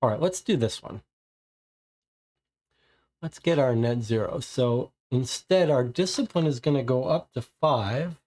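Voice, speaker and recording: A man's voice: mid-range voice, a little slow, pauses often, a little mellow. Man thinking aloud over a board game. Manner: deliberating, muttering options to himself. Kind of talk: reading card text and thinking aloud during solo play.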